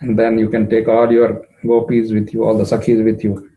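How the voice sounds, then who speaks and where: A man's voice: on the low side, monotone, moderate pace, highs cut off, a little hiss or hum, natural voice. A man voicing a tender divine lover who comforts his weeping beloved with sweet, reassuring words. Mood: soothing. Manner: soothing, reassuring.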